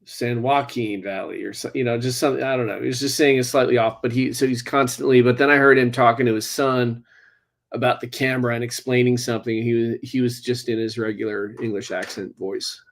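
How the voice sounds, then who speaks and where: A man's voice: medium pitch, level tone, fast. A man, an actor, answering interview questions casually, hesitant and wry. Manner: hesitant, many fillers, wry. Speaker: actor guest.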